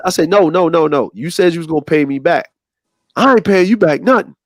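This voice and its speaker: A man's voice: a little high, fairly quick, dry recording. A man telling a funny story in casual chat, acting out voices as he goes. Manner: animated, acts out voices in his stories. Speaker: co-host.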